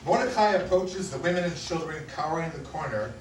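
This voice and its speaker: A man narrating the stage directions of a play in a plain, measured reading. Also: fairly high pitch, a little hiss or hum. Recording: echoey room, mic at a distance.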